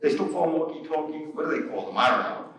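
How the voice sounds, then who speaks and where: Older male preacher, playful anecdotal sermon with mock outrage, fairly high voice, heard from a distance in a very echoey room. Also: lively intonation, fast, fairly bright tone. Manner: jokey anecdotal storyteller, laughs at his own jokes, mock outrage. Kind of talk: storytelling sermon. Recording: echoey, from far off the mic.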